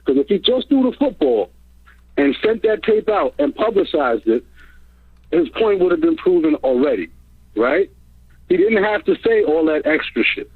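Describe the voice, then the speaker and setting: A man calling in to a casual sports chat, talking in an animated, emphatic way. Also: high-pitched, moderate pace, slightly rough, dry recording. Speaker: caller. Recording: tinny phone line.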